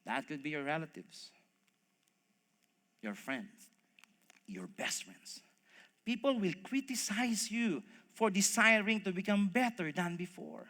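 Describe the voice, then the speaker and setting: A man preaching a sermon, telling a story with animated voices and speaking to the congregation as folks. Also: high-pitched, a little slow, pauses often. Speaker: pastor. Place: church hall. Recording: long reverb of a church hall.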